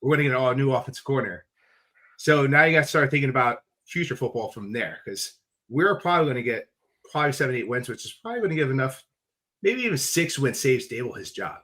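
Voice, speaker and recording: A male podcast guest with a bright, forceful, middle-pitched voice. He talks casually and states his predictions emphatically and bluntly. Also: lively intonation, fast talker. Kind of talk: casual sports chat.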